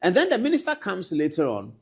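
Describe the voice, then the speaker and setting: A man hosting a political talk show, speaking indignantly, his voice climbing to loud emphatic peaks and then dropping low. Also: wildly swooping pitch, fairly quick, vocal fry, slightly rough. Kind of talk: commentary to camera.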